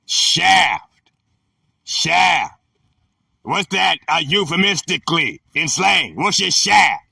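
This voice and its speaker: A man reading dictionary entries on scripture words and explaining them in loud, slangy bursts. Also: high voice, creaky, slightly rough, dry recording, distant mic. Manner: reads definitions slowly, then riffs in loud slangy bursts. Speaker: scripture teacher. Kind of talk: bible word-study talk, reading then explaining.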